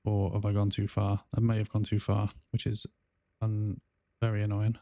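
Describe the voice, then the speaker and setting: A man's voice: on the low side, monotone, moderate pace, mellow, no echo, studio quality. A man with a South Welsh accent chatting casually on a gaming livestream, rambling with lots of fillers and restarts. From South Wales. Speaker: gaming streamer.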